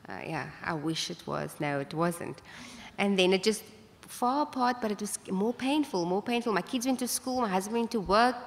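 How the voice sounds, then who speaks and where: A woman's voice: mid-range voice, normal speed. Chatty woman in a hall. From South Africa. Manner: chatty, animated, laughs often, acts out quoted voices. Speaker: conference speaker. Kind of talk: personal birth story told to an audience. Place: large conference hall. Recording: reverberant hall sound.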